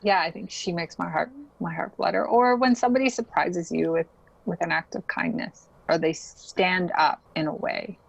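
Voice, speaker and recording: A woman's voice: lowish voice, moderate pace, creaky, no room sound, poor audio. A young adult woman chatting casually as a podcast guest, laughing often and filling her talk with likes and ums. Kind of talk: casual interview chat.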